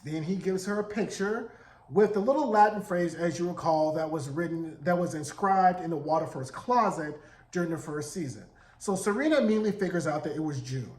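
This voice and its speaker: A man in his forties giving a sassy, animated casual recap of a TV episode, acting out the characters' lines. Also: high-pitched. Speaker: TV recap vlogger. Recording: roomy echo.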